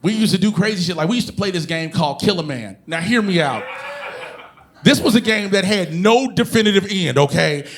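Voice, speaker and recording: A man performing a stand-up comedy routine on stage, telling animated, profane stories and bursting into shouted impressions. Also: high-pitched, a little fast, slight background noise. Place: comedy stage before a live audience.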